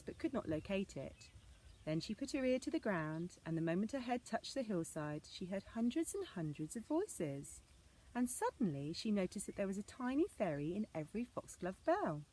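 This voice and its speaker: A woman reading an old fairy tale aloud as a storyteller, in a measured storybook manner. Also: mid-range voice, mellow.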